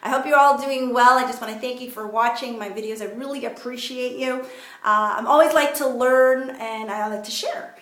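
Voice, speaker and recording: A woman's voice: a little high, a bit bright, echoey room. A woman vlogger from Canada, telling a story to camera in a chatty, rambling way with many fillers. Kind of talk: casual motivational talk to camera.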